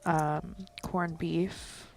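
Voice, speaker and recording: A woman's voice: on the low side, little pitch movement, very slow, creaky, faint music behind. A woman commentating a live poker stream in a chatty, casual way, laughing easily with her co-host.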